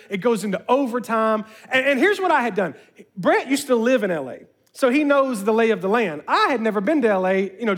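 High-voiced man telling a lively story. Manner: lively, addresses listeners directly. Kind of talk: animated personal storytelling.

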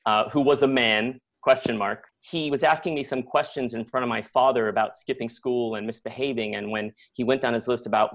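A middle-aged man telling a personal story on live radio, conversational and animated, with many likes and acted-out quotes. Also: mid-range voice, fairly quick, hardly any pauses. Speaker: storyteller guest.

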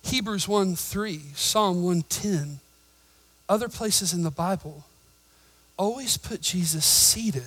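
A man preaching a sermon in a church, swinging between shouted emphasis and quiet asides and joking with the congregation. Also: high-pitched, slow pace, rough recording. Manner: jokes with the congregation. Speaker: pastor.

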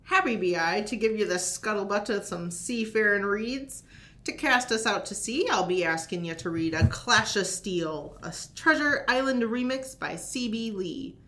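A woman's voice: medium pitch, expressive, moderate pace, bright, forceful tone. A woman co-hosting a library podcast, reading book recommendations aloud in a storytelling manner sprinkled with mock pirate dialect.

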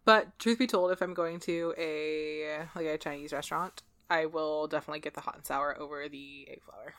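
A woman co-hosting a podcast in casual chat, relaxed and trailing off softly at the ends of phrases. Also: deep voice, moderate pace. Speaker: podcast co-host.

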